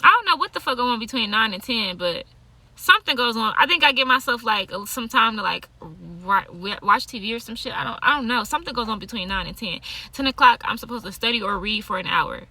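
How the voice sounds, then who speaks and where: A woman's voice: on the high side, animated, a little fast, sharp tone. A woman tarot reader and yoga teacher talking to camera in a casual monologue, blunt and profane, laughing often.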